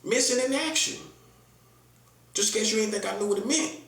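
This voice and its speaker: Gravelly Southern man, forceful and emphatic. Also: high-pitched, brisk, reverberant. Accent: Southern US, North Carolina. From North Carolina, US. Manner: emphatic, slangy, full of rhetorical questions. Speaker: prophet. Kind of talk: casual preaching monologue.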